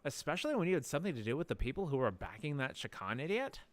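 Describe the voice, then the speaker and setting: A man's voice: on the high side, very animated, rapid-fire, dry recording, voice pushed up. A man voicing a young male prince, earnest and reproachful, asking pointed questions.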